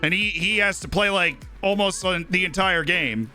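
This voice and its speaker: Hosting a live stream, a man rambles casually about football, peppering his talk with "right?" and "like." His high-pitched voice is bright and forceful at a normal speed, with faint music in the background.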